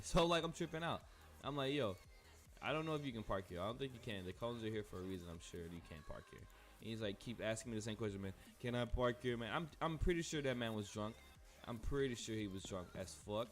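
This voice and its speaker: A man's voice: on the low side, expressive, fast. A young man casually telling a rambling, profane story while playing a game. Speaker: gaming streamer.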